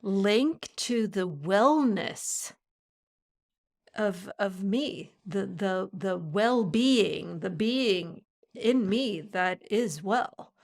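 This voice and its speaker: A woman's voice: mid-range voice, expressive, drawn-out words, gravelly. A woman hosting a podcast, talking in a reflective, meandering way in casual conversation. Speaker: podcast host.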